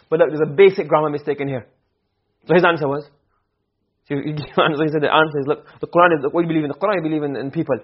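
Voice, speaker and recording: A male teacher giving a classroom lecture on grammar, explaining and then checking understanding with quick questions. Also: on the high side, breathy edge, highs cut off.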